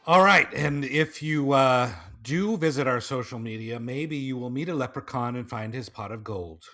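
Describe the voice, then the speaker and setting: A man's voice: medium pitch, moderate pace, sharp tone, soft background music. A man hosting a podcast, telling a folk tale and then chatting loosely with fillers and jokes. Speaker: podcast host. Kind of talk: storytelling narration and casual chat.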